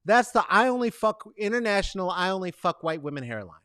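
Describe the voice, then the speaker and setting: A man's voice: sits high, fairly quick, hardly any pauses, no room sound, clean studio sound. A man hosting a casual comedic monologue, rambling and swearing through mock boos and cheers; he has lived in the Bay Area for decades. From San Francisco Bay Area. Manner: swearing, rambling, animated rants with mock booing. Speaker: host.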